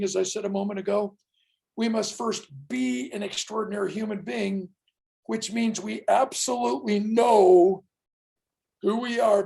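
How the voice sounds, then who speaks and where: A man's voice: sits high, vocal fry, a little mellow, low-quality recording. A man in his sixties, a professional speaker, giving a motivational keynote with dramatic storytelling and punchy, emphatic lines. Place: event stage.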